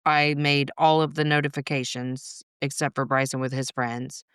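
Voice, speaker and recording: A middle-aged woman talks candidly as a guest, her voice smooth and clear in tone. She is blunt and swears freely, with laughs breaking through even the hardest parts. The sound is close and dry, with no room echo. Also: extremely low pitch, moderate pace. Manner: frank, swears often, laughs through hard moments. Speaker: podcast guest. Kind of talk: candid conversational storytelling.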